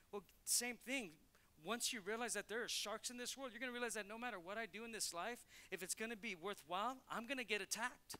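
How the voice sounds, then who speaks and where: A man's voice: sits high, sharp tone. A male pastor preaching a conversational sermon in church, telling stories and acting out quotes. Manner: conversational, storytelling with acted quotes.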